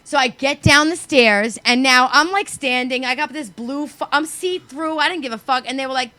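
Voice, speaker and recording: A woman's voice: high voice, moderate pace, dry recording. A brash woman from New York, co-hosting a podcast and telling profane stories in a casual chat. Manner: brash, profane, animated storyteller. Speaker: podcast co-host.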